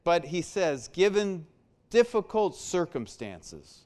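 A man preaching a sermon, emphatic and deliberate, swinging between loud stressed phrases and quiet soft-spoken stretches. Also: high voice, lively intonation, clean tone.

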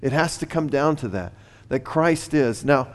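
A man's voice: medium pitch, lively intonation, a little slow. A man preaching a sermon, earnest in tone, building in force on his key points. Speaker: pastor.

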